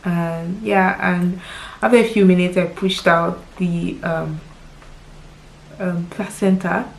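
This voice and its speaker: A woman's voice: lowish voice, steady tone, slow, creaky, slight background noise, poor audio. Nigerian woman in her 30s vlogging, teary and heartfelt, keeps repeating words. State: crying at times. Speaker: lifestyle vlogger. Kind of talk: personal vlog, emotional storytelling.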